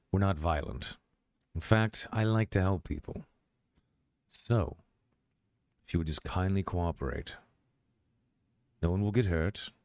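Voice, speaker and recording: A man playing a smooth-talking male doctor in a tabletop role-play, courteous but quietly menacing. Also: low-pitched, dry recording, clean studio sound. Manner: courteous, measured and veiled threats.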